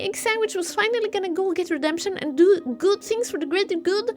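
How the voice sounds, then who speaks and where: High-voiced excitable woman streamer. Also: a little fast, hardly any pauses, faint music behind. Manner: excitable rambling storyteller. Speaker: let's play streamer. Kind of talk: casual game story recap.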